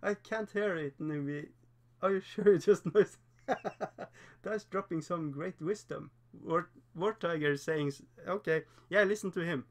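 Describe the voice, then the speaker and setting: While painting miniatures on a relaxed livestream, a man from Norway talks in English, his second language, with a Norwegian accent. His voice is a bit high and rough, with a gravelly edge. He rambles chattily, pokes fun at himself, laughs often, and halts on fillers.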